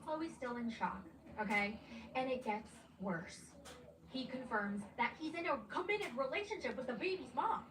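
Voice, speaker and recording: A young woman giving a chatty, animated recap of a reality show, dropping into character voices. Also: high-pitched, moderate pace, recorded from a distance, crowd noise. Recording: echoey room, off-mic, noisy background.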